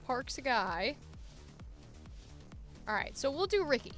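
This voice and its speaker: A woman's voice: high voice, big pitch swings, slow, long pauses, fairly bright tone, faint music behind. A woman voice actor chatting casually while preparing auditions, thinking aloud and interrupting herself. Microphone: headphones monitoring at a home recording setup.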